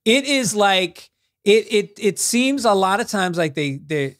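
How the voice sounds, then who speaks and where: A man's voice: high voice, very animated, a little slow, a bit bright, no room sound, clean studio sound. A man from New York, a guest comedian in casual chat, talking bluntly and joking in a self-aware way.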